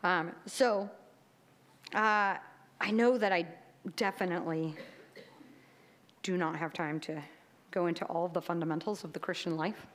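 A woman's voice: lowish voice, steady tone, unhurried, long pauses. A woman giving a sermon in a chatty, conversational way, often checking in with "right?". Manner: chatty, tags lines with "right?". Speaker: preacher.

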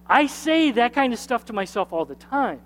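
A man's voice: very high voice, sing-song, normal speed, fairly bright tone, slight background noise. A man preaching a sermon as pastor, emphatic and repetitive, leading the congregation to repeat lines back. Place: church sanctuary. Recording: church hall reverb.

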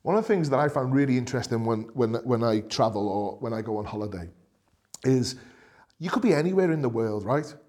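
A middle-aged man with a Liverpool accent preaching a sermon, earnest, repeating phrases for emphasis, swinging between raised and hushed delivery. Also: mid-range voice, expressive, fairly quick. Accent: Liverpool (Scouse). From Liverpool, England. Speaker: pastor.

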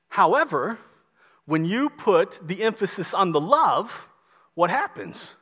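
A male pastor delivers an emphatic sermon in a notably high voice. He repeats phrases for weight and lets key words sink to near silence. His words hang in the long reverb of a large church hall. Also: lively intonation, normal speed, fairly bright tone.

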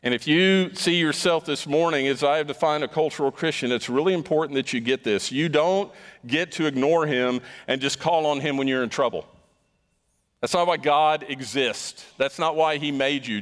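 A man's voice: fairly high pitch, a bit bright, big-room sound. A man preaching a sermon as pastor, emphatic and stressing points by repeating words.

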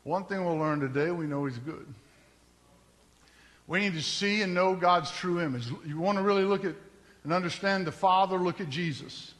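A man preaches from the pulpit in a high, bright, forceful voice. He talks to the congregation like a conversation, then climbs into emphatic peaks. The church hall rings with a long reverb. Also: moderate pace. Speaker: pastor. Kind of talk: sermon. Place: church sanctuary.

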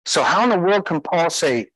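Emphatic pastor with a higher male voice. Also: animated, moderate pace, a bit bright, breathy edge, dry recording, poor audio. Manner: emphatic, asks the listeners rhetorical questions. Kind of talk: sermon.

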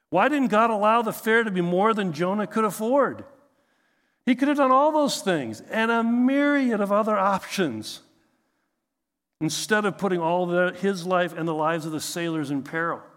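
A male pastor preaching in a relaxed, joking way, firing off rhetorical questions. His voice sits a little high for a man. A long reverb from a large church hall trails after his words. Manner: conversational, humorous, asks rhetorical questions. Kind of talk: sermon.

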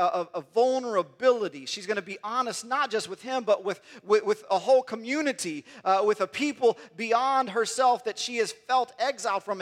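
A man's voice: sits high, fairly bright tone. A man preaching a sermon in an earnest way, often repeating words as he builds toward a point.

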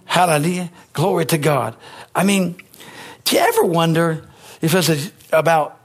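A man's voice: fairly high pitch, very animated, normal speed, breathy edge. A man preaching a sermon as pastor, emphatic and calling out to his congregation for responses.

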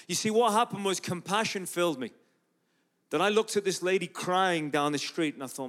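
A man's voice: a little high, brisk. A man from Ireland, preaching in a church and telling a story with lots of acted-out dialogue. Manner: animated storyteller who acts out dialogue. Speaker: guest preacher and street evangelist. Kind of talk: storytelling sermon.

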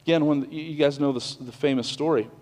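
A man preaching a sermon in a church, swinging between loud declarations and hushed, quiet passages, with conversational restarts and asides. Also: fairly high pitch, fairly even intonation, quick pace, long reverb tail. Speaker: pastor. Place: church sanctuary.

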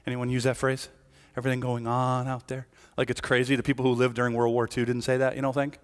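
A middle-aged man preaching in a church sanctuary, his voice trailing off into a long hall reverb. He talks to the congregation like a conversation, checking in with them and acting out the voices of people he describes. His pitch sits in an ordinary male middle range. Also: little pitch movement, quick pace. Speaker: lead pastor. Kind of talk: sermon.

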